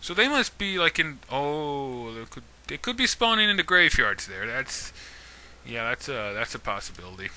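Gaming YouTuber, male, bright and sharp tone, playful mock threats at mobs. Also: mid-range voice, very animated, moderate pace. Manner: talks to game mobs, mock-menacing and jokey. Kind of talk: casual let's-play commentary.

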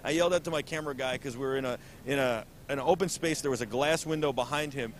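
A man's voice: medium pitch, fast, a little hiss or hum. A man hosting an auto show interview, talking eagerly and animatedly and often repeating words. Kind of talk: enthusiastic interview. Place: busy convention hall booth.

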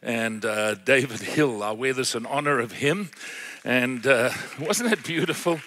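A middle-aged man preaching a sermon as pastor, fervent and full of hallelujahs, swinging between loud and hushed. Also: mid-range voice, unhurried, a little hiss or hum.

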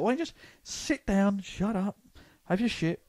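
A man, co-hosting a comedy podcast and telling crude stories with swearing in an animated way. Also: sits high, moderate pace, no room sound, studio quality. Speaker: comedian co-host. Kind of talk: casual comedy podcast chat.

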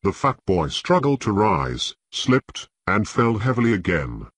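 A man reading an audiobook in measured, scripted narration with a husky voice. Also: on the low side, sing-song, no room sound.

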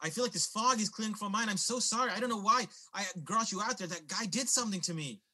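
A man's voice: high-pitched, fast talker, pushed and bright, slightly rough, pitched above the performer's own voice, full character voice. A man putting on a shrieking panicked young waitress. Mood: apologetic. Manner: shrieking and frantic.

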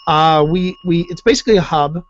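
A man's voice: a little high, dry recording. American male podcast guest, chatty and jokey; dry, lo-fi sound. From United States. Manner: chatty, jokey, with quick restarts. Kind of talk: casual conversation.

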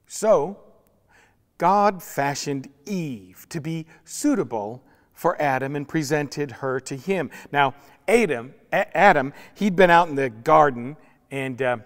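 Slow, reverberant preacher man. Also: fairly high pitch, expressive. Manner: humorous storytelling, acts out voices. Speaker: pastor. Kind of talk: sermon. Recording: long reverb in a church hall.

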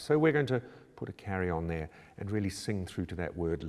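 A man working as a choir director, calmly explaining how to prepare a choral score in a measured, instructional way. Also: deep voice. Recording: reverberant room with long echo.

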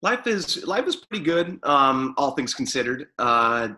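Bright-voiced chatty man. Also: mid-range voice, big pitch swings, unhurried, rough recording. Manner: chatty, rambling with fillers and restarts. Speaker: guest, former pro sports media staffer. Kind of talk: casual interview chat.

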